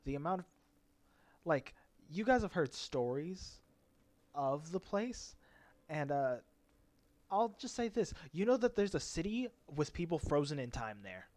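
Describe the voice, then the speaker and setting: A man's voice: fairly high pitch, very animated, a little slow, long pauses, darkish tone. A man running a tabletop game as game master, casual and hesitant, with many fillers.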